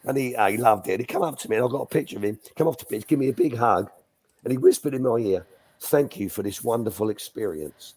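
A medium-pitched, husky, slightly mellow voice moves at a quick pace as an older former youth coach tells stories at a live Q&A. He's conversational, restarts sentences as he goes, and voices the quotes.

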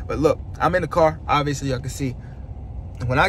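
Excitable man vlogging from his car. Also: a little high, fairly quick, husky. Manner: excited, repetitive, keeps teasing an announcement. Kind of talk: casual vlog to camera. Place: inside a car. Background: faint car noise.

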